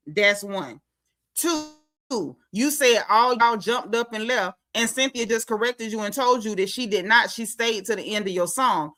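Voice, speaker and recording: A woman hosting a reality TV recap, talking casually and emphatically. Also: on the high side. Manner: animated, emphatic, talks straight to the cast members.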